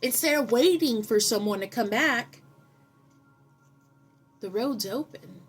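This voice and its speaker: A woman giving a spiritual tarot reading, earnest and preachy, telling stories with dramatic pauses and repeating affirmations. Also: a little high, expressive, husky, faint music behind. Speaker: tarot reader.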